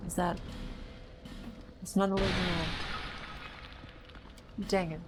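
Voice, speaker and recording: A woman's voice: on the low side, flat delivery, takes it slowly, music in the background. Chatty woman streaming a game. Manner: chatty, reactive, stammers and repeats words. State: slightly strained voice. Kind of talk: casual live gameplay commentary.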